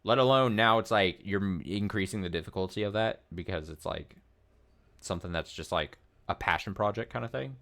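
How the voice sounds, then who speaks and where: A man's voice: fairly low pitch, brisk, gravelly, a bit bright. A man in his thirties giving rambling, profane let's play commentary full of fillers and restarts. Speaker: streamer.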